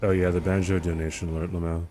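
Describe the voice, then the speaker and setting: A young man with a low, mellow voice talks his way through a live game stream. He rambles loosely and answers viewer comments as they come in. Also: level tone, quick pace, slight background noise. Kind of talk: casual live-stream commentary while gaming.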